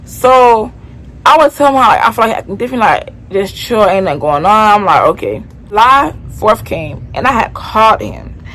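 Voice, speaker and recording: A woman's voice: mid-range voice, big pitch swings, moderate pace, fairly bright tone, low-quality recording. Young woman telling a chatty story. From Florida. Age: young adult. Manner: chatty, slangy, keeps addressing the viewers. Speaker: vlogger. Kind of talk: casual storytime.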